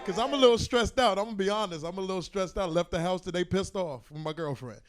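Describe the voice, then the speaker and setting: Man, stand-up comic, high voice, boisterous, animated, club stage, handheld mic. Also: fast talker, dry recording, studio quality. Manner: boisterous, animated storytelling, direct to the crowd. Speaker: stand-up comedian. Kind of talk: stand-up comedy set.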